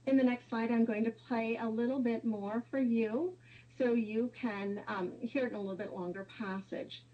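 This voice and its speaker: A woman's voice: fairly high pitch, fairly even intonation, normal speed, dull audio. A woman presenting a webinar, explaining step by step with some fillers.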